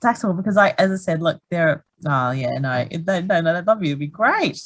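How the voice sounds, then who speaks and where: A woman's voice: lowish voice, animated, a little fast. A woman, a guest actor and producer, chatting in a bubbly way and laughing easily. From Australia. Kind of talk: casual conversation.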